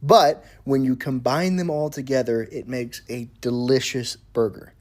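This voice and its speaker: A food content creator talking casually, explaining in a relaxed way with some mild swearing. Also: male voice, medium pitch, unhurried. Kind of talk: casual commentary.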